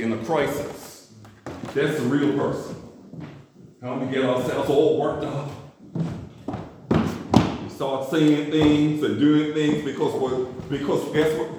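A man preaching a sermon, asking the congregation questions and acting out everyday scenes. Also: medium pitch. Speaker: pastor. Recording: echoey distant room mic with noise.

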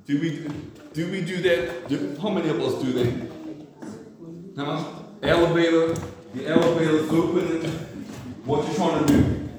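A man's voice: a little high, steady tone, normal speed, long pauses. A man preaching a sermon, asking the congregation questions and acting out everyday scenes. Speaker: pastor. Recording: echoey distant room mic with noise.

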